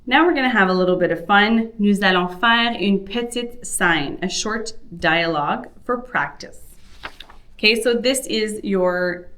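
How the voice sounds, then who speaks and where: A woman French teacher leading a grammar lesson at a very unhurried pace. Her pitch sits in an ordinary middle range, and she enunciates each word clearly and carefully. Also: a bit bright. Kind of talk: language lesson.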